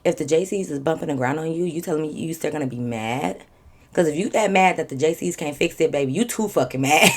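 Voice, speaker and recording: Woman, twenties, low voice, casual storytime, profane, animated. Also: brisk. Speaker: vlogger.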